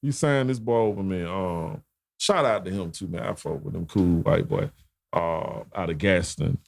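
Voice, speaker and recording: A man's voice: low voice, normal speed, creaky, no room sound. A man telling a long, rambling story as a podcast guest, full of slang and fillers. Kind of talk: casual storytelling.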